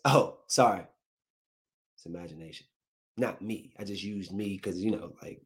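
A young adult comedian with a lowish voice delivers a stand-up style comic monologue at a moderate pace, firing off incredulous rhetorical questions.

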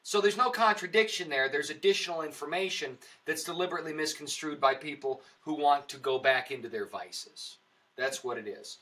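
Far from the mic, this man sounds a little high and a little fast, his voice pushed and bright. He's a comedian and actor guesting on a podcast, rambling earnestly through a casual interview and explaining things in a preacher-like way.

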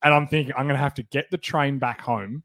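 A young Australian man chatting on a podcast, with wry, deadpan remarks. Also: mid-range voice, fast, dry recording, rough recording. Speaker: podcast co-host. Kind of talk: casual chat.

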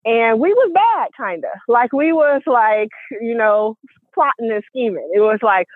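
A woman hosting a casual group call, chatty and lively, laughing often while walking. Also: fairly high pitch, unhurried, dry recording. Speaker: host. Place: outdoors walking. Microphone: phone. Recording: tinny phone line, dry.

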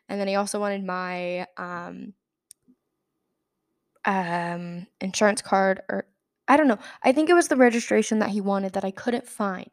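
A young woman hosting a podcast tells a personal story in a rambling, casual way, packed with fillers and frequent laughs. Her mid-range voice is a little slow, recorded at studio quality with no room sound.

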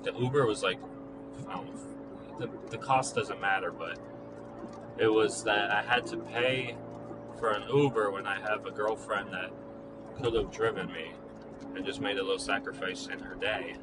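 A young man casually telling a personal story, rambling with lots of "like" and acting out both sides of past conversations. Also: on the low side. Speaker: vlogger. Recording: steady traffic and vehicle noise outdoors.

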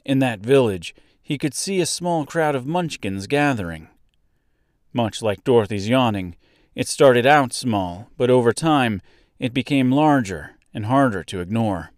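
Slow, measured male storybook narrator. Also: medium pitch, animated, no echo, studio quality.

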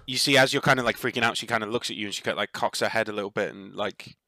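A man's voice: lowish voice, racing, bright, forceful tone, dry recording. A man narrating a tabletop role-playing game as game master, in a loose, rambling way full of fillers.

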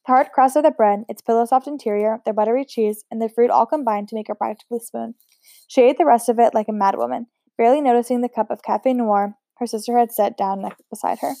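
A woman's voice: fairly high pitch, fast talker, dark tone, no room sound. A woman reading a novel aloud in an unpolished way, with occasional slips and restarts. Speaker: amateur reader.

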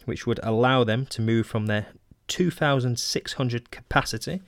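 A man talks through old magazine clippings on his own podcast, stopping for ums, restarts and wry asides between the read passages. His voice sits at an ordinary middle pitch for a man. The recording is dry and close, with no room sound around it. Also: moderate pace, dry recording. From Manchester, England. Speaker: podcast host. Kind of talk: casual solo podcast reading old magazine articles aloud.

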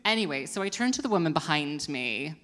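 A woman's voice: deep voice, big pitch swings, brisk, a bit bright, big-room sound. Self-mocking woman doing stand-up. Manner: rambling, self-mocking, laughs at own jokes. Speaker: comedy show host. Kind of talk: stand-up comedy. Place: performance venue with live audience.

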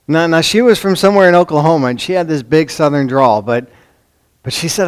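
Chicago-accented preacher swinging loud to hushed. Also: male voice, a little high, a little fast, clear, resonant tone. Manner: dramatic swings between loud emphasis and hushed near-whispers; conversational asides, rhetorical questions. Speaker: pastor. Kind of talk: sermon.

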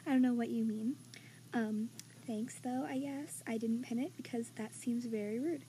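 Chatty high-voiced young woman podcaster. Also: moderate pace. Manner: chatty, self-deprecating, drifts into soft whispers. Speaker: podcast host. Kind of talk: casual reading of listener comments. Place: home room with vacuum running nearby. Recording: faint household background noise. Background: faint vacuum noise.

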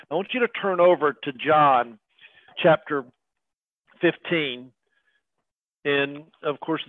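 A man's voice: on the high side, no echo. A middle-aged man preaching a sermon in a conversational way, with many fillers and direct asides to the congregation. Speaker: pastor. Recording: tinny phone-like radio broadcast.

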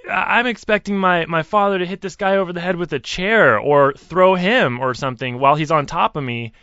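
A young man telling a personal story as a caller, earnest and halting, acting out what others said. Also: sits high, sharp tone, no echo. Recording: dry, muffled lo-fi line.

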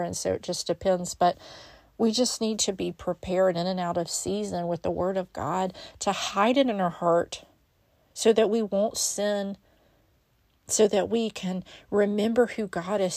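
A woman's voice: on the low side, a little mellow, no echo. A woman hosting a devotional podcast, reading scripture and reflecting on it in an earnest way, sometimes stumbling over repeated words. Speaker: podcast host.

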